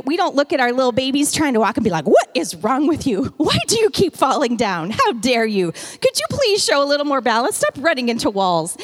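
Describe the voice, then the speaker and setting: Woman, middle-aged, pastor, high voice, lively conversational sermon. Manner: lively, conversational preaching with acted-out quotes.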